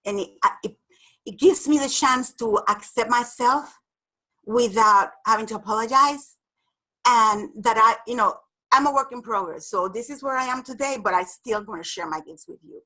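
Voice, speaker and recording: A woman guest explaining an idea in a lively interview, laughing often and acting out the voices in her examples. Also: on the high side, normal speed, rough recording. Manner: animated, laughs often, acts out apologetic voices. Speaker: guest speaker. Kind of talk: conversational explanation with acted examples.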